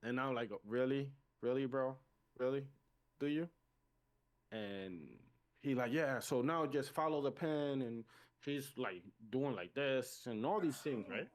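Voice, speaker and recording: A man's voice: mid-range voice, measured pace. Man with an accent telling a story. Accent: non-native accent. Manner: animated retelling, acting out both sides of a conversation. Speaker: podcast co-host. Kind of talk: casual storytelling.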